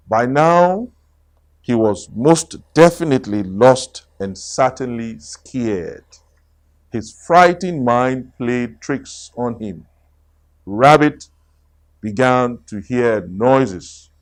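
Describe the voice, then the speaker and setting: A middle-aged man reading a children's story aloud as a storyteller, slow and expressive, then quizzing his listeners. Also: mid-range voice.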